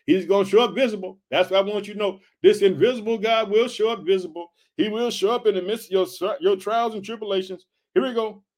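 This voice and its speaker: A man's voice: sits high, brisk, hardly any pauses. A man preaching an informal sermon, reading scripture and calling out to his listeners as family. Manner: energetic, calls out to listeners as family.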